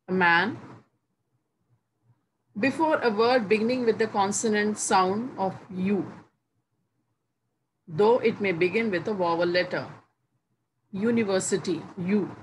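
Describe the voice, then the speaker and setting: A woman teaching English grammar, explaining each rule slowly and repeating the example words one by one with pauses between phrases. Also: mid-range voice, low-quality recording. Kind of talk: slow, deliberate classroom explanation. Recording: faint background noise.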